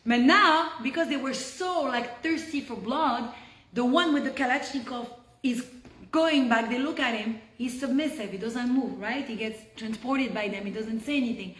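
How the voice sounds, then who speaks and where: A woman teaching a Torah lesson on a video call. She tells the story with animated energy and drops to a hush when the tension rises. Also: a little high, moderate pace. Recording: roomy echo.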